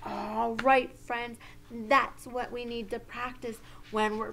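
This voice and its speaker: A woman teaching a social-emotional lesson to young children in a slow, sing-song, exaggerated teacher voice. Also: a little high, fairly even intonation, creaky.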